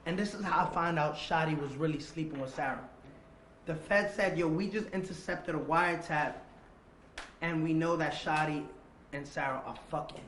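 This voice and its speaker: A man with a slightly raised pitch tells his story in a loose, casual way. He repeats himself and acts out both sides of remembered conversations, sometimes sinking almost to a murmur. The sound is roomy, with faint background hiss. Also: normal speed. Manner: drops to a low, quiet voice for the tense parts. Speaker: interview guest. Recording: roomy echo.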